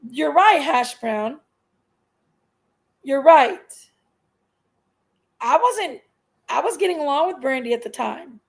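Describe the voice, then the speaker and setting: A woman's voice: high-pitched, animated, takes it slowly, gravelly, long pauses, low-quality recording. A middle-aged woman, venting on a live stream with emphatic repetition. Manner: aggrieved, emphatic venting, repeats herself. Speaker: livestream host. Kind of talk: casual live-stream rant.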